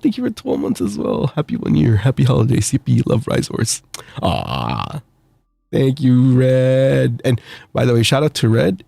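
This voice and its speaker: Gravelly sick-sounding male streamer. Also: medium pitch, warm tone, dry recording. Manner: cheerful and giggly, with frequent little laughs and stammers. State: sick with the flu, itchy throat. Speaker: VTuber streamer. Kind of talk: reading out viewer messages on a livestream.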